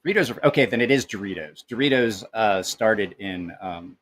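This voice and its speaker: A man's voice: lowish voice, expressive, moderate pace, fairly bright tone. A man in his forties, hosting a knife channel, tells loose rambling stories and reads viewer comments in a casual live-stream chat, swearing freely.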